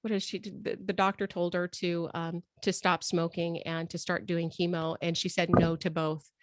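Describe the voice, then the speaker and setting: A woman hosting a live video call with her students, gushing and excitable, often breaking into exclamations. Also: lowish voice, normal speed, dry recording. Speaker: host and healing coach.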